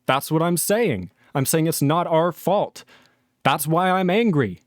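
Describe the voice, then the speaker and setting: A man's voice: on the high side, animated, unhurried, no room sound, studio quality. A man hosting a live stream, angrily arguing with his chat and swearing a lot. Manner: angry, profane, arguing with chat. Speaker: livestream host.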